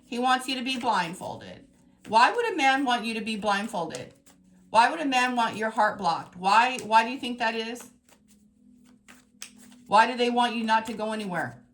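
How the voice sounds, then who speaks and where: A woman's voice: a little high, normal speed. Emphatic, exasperated woman tarot reader. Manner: emphatic, exasperated, swings between scolding and excited. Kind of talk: tarot reading to viewers.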